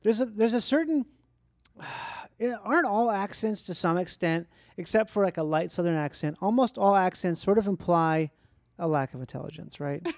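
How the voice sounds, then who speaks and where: A woman's voice: on the low side, lively intonation, moderate pace, darkish tone, no room sound. Chatty, playful woman host from Minnesota; dry studio sound. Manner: chatty, playful, jumps into silly voices. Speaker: podcast host. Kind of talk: casual chat.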